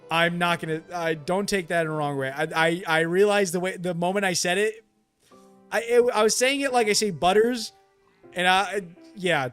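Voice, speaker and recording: High-voiced joking male streamer. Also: a bit bright. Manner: joking, reads and answers chat; jumpy, yelps when startled. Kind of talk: casual live gameplay chat.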